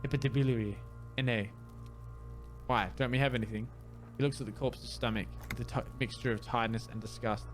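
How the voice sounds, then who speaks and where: A man's voice: medium pitch, fairly even intonation, soft background music. A man playing through a video game, reading its dialogue aloud and doing amateur voices for the characters. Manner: amateur voice acting, measured reading. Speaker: let's player.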